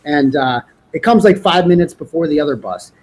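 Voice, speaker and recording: Middle-aged guest, high male voice, profane and animated. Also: fairly quick, slight background noise. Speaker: interview guest. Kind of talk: casual interview.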